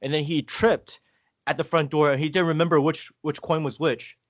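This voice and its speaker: A man from Taiwan talks as a podcast guest in casual conversation. His voice sits a little high, and the sound is dry and close with no room echo. He tells his stories haltingly, full of fillers and restarts. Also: fairly even intonation. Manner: hesitant, halting, filler-heavy storytelling.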